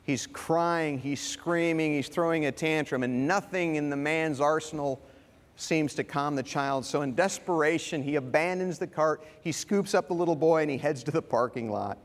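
A man's voice: on the high side, normal speed. A man giving a Father's Day sermon, earnest and storytelling. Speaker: guest speaker. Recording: reverberant hall.

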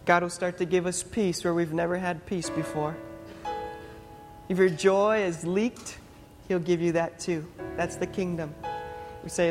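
A young adult man, a pastor, preaching a sermon in a conversational, animated storytelling manner. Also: high-pitched, unhurried, pauses often. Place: church sanctuary. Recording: long hall reverb, faint music.

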